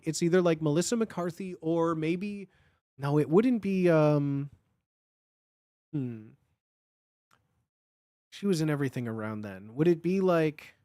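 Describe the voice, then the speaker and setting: A man's voice: fairly high pitch, warm tone, no room sound, clean studio sound. A man chatting casually as a guest on a livestream, rambling and full of filler words. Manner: rambling, with lots of filler words, and quick laughs. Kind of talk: casual chat.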